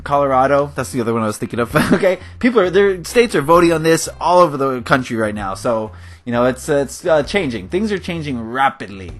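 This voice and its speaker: A man's voice: mid-range voice, expressive, fairly quick. A man from California giving casual, rambling commentary on his game build, laughing often. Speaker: gaming video host. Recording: faint guitar music behind.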